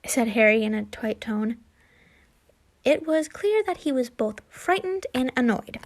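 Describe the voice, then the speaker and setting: Woman, fan fiction reader, slightly high voice, halting delivery with restarts. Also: lively intonation. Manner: halting, frequent slips and restarts. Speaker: fanfiction reader. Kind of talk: reading fan fiction aloud.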